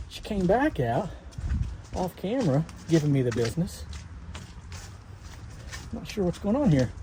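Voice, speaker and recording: An American man who owns a pressure washing business films a casual work vlog outdoors at a house job site, muttering sarcastic complaints as he washes the house. His voice sits on the high side and is a little mellow, and the recording carries noisy outdoor sound.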